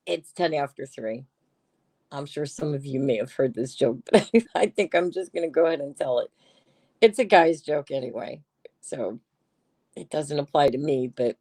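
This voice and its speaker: A woman's voice: low-pitched, darkish tone, dry recording. A woman hosting a casual livestream, chatting in a teasing way and reading her viewers' comments aloud. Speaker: livestream host.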